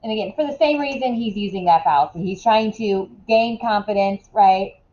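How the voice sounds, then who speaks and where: A woman teaching a classroom lesson in a casual way, asking quick questions and often checking in with "right?". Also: mid-range voice, dark tone, highs cut off.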